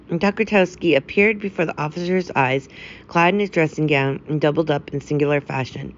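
Sex: woman. Role: story podcast narrator. Style: calm, measured scripted narration. Pitch: low. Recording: slightly dull lo-fi audio. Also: a little hiss or hum.

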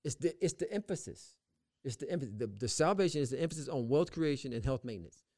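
A man's voice: medium pitch, lively intonation, fast, a little mellow. A man in the pastor role on a faith talk show, speaking with an emphatic, repetitive preacher cadence and reading scripture aloud. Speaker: pastor and podcast co-host.

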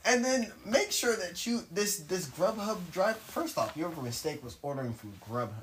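A young man in casual podcast chat with friends, blunt and quick to cut in and correct others. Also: sits high, big pitch swings, a little hiss or hum.

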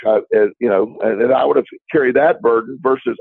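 A man's voice: mid-range voice, quick pace, creaky, few pauses, breathy edge, dry recording. A man co-hosting a talk show, telling a long story in a casual, rambling way, with many restarts and quoted dialogue. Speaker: podcast co-host. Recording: dry, tinny phone-like line.

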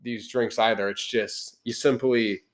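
A man's voice: mid-range voice, steady tone, a little slow. A young man hosting a podcast, telling a heated story in casual chat. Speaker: podcast host. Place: podcast room.

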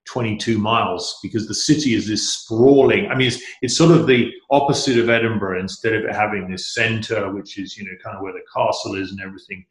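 A man's voice: on the low side, brisk, few pauses. A middle-aged man chatting as a guest in a casual conversation, enthusiastic and rambling, with many restarts. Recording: echoey room.

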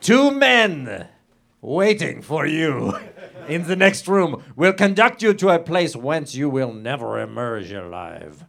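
A man plays a leering, pompous French marquis with a thick put-on French accent and clumsy broken English. His voice sits a little high and swings widely as he reads aloud with hammy theatrical relish, jumping into a shrill pleading tone for the victim. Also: sing-song, slow, creaky, a bit bright, full character voice. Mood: dramatic reading. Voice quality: broken English, florid and lip-smacking. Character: lecherous, pompous French nobleman, older man. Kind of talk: improvised comedy podcast character.

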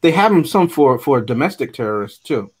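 A man's voice: medium pitch, animated, a little fast, husky. A man co-hosting a podcast, chatting casually about a movie with wry, joking asides. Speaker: podcast co-host.

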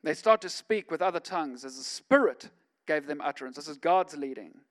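A man, a pastor, preaching a sermon in a conversational way that swings from quiet asides to loud, emphatic stretches. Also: a little high, expressive, brisk.

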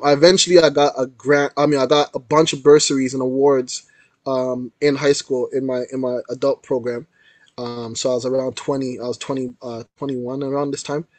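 Young man, animated storyteller, slangy, mid-pitched voice, dry close sound. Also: no room sound. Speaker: guest artist. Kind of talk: casual storytelling interview.

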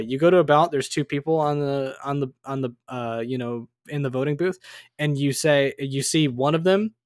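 A man's voice: medium pitch, no room sound, clean studio sound. Heated young man in his twenties. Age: 20s. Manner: heated, ranting, swears freely. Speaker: podcast co-host. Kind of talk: casual chat.

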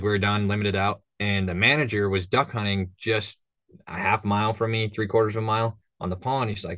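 Man, hunting guide, from northern Minnesota, rambling casual storyteller, lowish voice, dry sound. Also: fairly bright tone, dry recording. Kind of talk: casual podcast chat.

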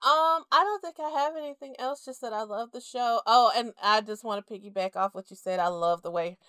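A woman co-hosting a relaxed podcast from home. Her voice sits a bit high and drops lower when she gives an opinion. The sound is close and dry. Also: fairly quick, clean tone, dry recording. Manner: laid-back, drops lower for opinions, bursts into laughter. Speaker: podcast co-host. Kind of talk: casual chat. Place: indoors at home.

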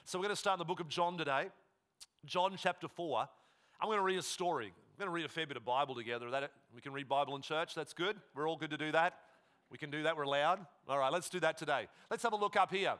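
A man's voice: mid-range voice, brisk. A man preaching a sermon, reading a Bible passage aloud and breaking off for casual asides to the congregation. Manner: reads scripture aloud with lively asides. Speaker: pastor.

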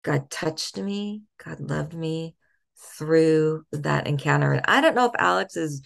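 A middle-aged woman telling a personal faith story as a podcast guest, soft-spoken with thoughtful pauses. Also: low-pitched, vocal fry.

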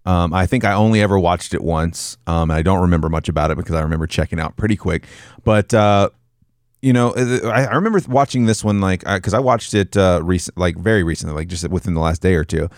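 A man's voice: sits low, fast talker, dry recording, clean studio sound. A man chatting casually about a movie as a podcast co-host, rambling loosely and swearing freely.

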